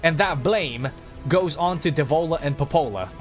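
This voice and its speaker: A man streaming a video game, chatting in a rambling, excitable manner and cursing freely. His voice sits a little higher than most men's. Soft game music plays faintly underneath. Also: moderate pace. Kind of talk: casual gaming livestream chat.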